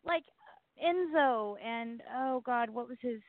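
A woman's voice: a little high, takes it slowly, dry recording. Southern woman co-host, blunt and rambling, self-mocking, over a thin phone-like line. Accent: Southern American. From Southern United States. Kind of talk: casual chat. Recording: tinny phone-like line, dry.

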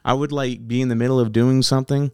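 A man who is a battle rapper, telling stories in a profane, animated way during a casual podcast interview. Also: mid-range voice, quick pace, smooth, no room sound.

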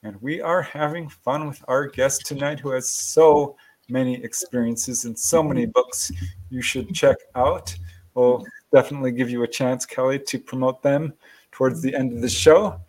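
A man's voice: medium pitch, fairly even intonation, moderate pace, a little mellow. A man hosting a live talk show, giving a station break and introducing the guest in a friendly, easygoing way. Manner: friendly, easygoing announcer, chuckles between plugs.

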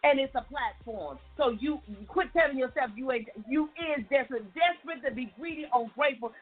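A woman life coach telling an animated faith testimony in a folksy, preachy way, repeating words for emphasis. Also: high-pitched, a little fast, slightly rough. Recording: tinny phone-like sound, faint music.

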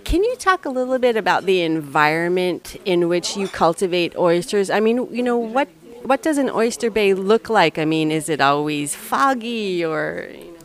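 A woman's voice: on the low side, expressive, normal speed. A woman with an American accent interviewing a guest, chatty and enthusiastic, with loose, rambling phrasing. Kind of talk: podcast interview.

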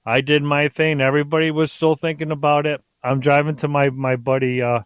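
A middle-aged man telling stories as a podcast guest in a rambling, excitable way, often restarting his sentences. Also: on the high side, fairly quick, clear, resonant tone, dry recording. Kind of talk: casual storytelling on a podcast.

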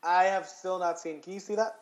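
A man's voice: high voice, fairly even intonation, a little fast, dull audio. A man co-hosting a casual podcast chat, rambling and swearing with lots of restarts. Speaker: podcast co-host.

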